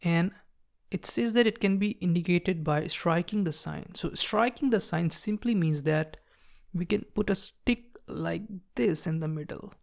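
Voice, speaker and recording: Female tutor, lowish voice, patient walkthrough narration of writing strokes. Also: measured pace, vocal fry, darkish tone. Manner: patient, explains while writing, frequent "okay, so see". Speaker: shorthand teacher. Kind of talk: step-by-step tutorial.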